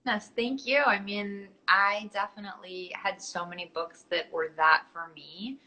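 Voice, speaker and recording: A young woman talks about her book over a video call from a makeshift home studio. She sounds earnest and reflective, with a touch of self-deprecation. Her voice is bright. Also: medium pitch, fairly even intonation, measured pace, rough recording. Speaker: author guest. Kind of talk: casual interview chat.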